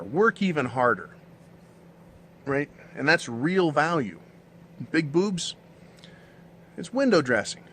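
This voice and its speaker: A man's voice: on the high side, a little hiss or hum. Blunt, profane ranting man. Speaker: channel host. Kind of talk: casual monologue.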